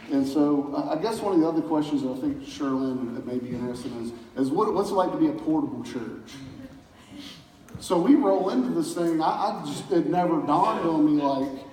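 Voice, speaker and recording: In a community center hall, a pastor chuckles his way through folksy stories during an informal church talk. His medium-pitched voice is warm, caught from far off in the roomy space with slight background noise.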